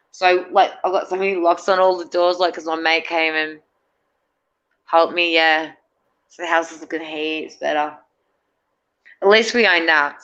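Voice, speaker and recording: A woman's voice: low voice, sharp tone, clear, resonant tone, dull audio. A middle-aged woman, a guest in a casual chat, rambling and hesitant with many fillers and restarts.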